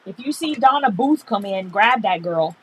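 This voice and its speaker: A woman co-hosting a casual livestream, making slow, dry teasing remarks. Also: medium pitch, animated, slightly rough, rough recording.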